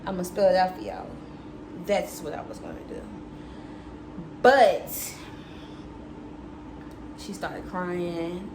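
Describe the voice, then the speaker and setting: A woman's voice: fairly low pitch, expressive, measured pace, long pauses. A young woman telling a candid, chatty story to her viewers, swearing freely as she goes. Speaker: vlogger. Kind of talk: casual storytime chat. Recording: echoey room with background noise.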